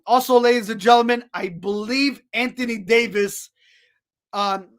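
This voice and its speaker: Excitable high-voiced sports podcast man. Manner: excitable, repeats "folks" and "ladies and gentlemen", many restarts. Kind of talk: solo sports podcast, scores and picks.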